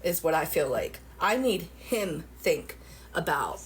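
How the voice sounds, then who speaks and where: Rambling, animated woman vlogger at home. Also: low voice, takes it slowly. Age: middle-aged. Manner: rambling, animated retelling with lots of fillers and profanity. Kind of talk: casual storytelling to viewers.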